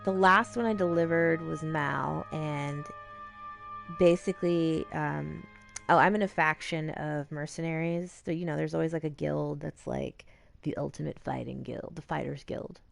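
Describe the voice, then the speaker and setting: Woman, gaming streamer, casual commentary, low voice, gravelly, faint music in the background. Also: steady tone, a little slow. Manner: chatty, swears casually, acts out characters' lines. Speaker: streamer playing a game.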